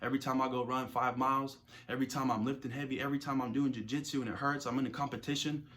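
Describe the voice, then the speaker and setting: Young male self-improvement creator, mid-pitched, casual motivational pep talk with slang and repeated catchphrases. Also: level tone, very fast, a bit bright, a little hiss or hum.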